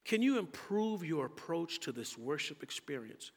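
A man's voice: a little high, sing-song. Earnest preaching man in a reverberant hall. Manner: earnest preaching with emphatic slowed phrases. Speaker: pastor. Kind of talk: sermon.

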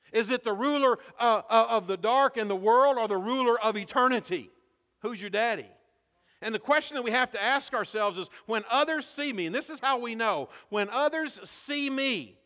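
A man's voice: high voice, bright, forceful tone, in a large hall. A man preaching a sermon as pastor, asking the congregation questions and calling for responses.

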